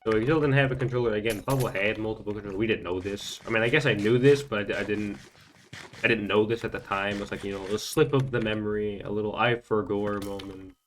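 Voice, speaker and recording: A man's voice: fairly low pitch, steady tone, quick pace, a little hiss or hum. A young man telling a rambling story during gameplay commentary, full of fillers and stumbling repeats. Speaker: gaming channel host.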